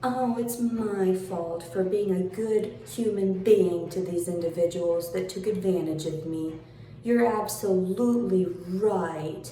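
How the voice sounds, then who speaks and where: A woman's voice: dark tone, slight background noise. Sarcastic ranting woman, echoey room. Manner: sarcastic, mocking, calls the listener "honey"; profane, swings between high taunts and low mutters. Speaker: vlogger. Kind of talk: angry vlog rant.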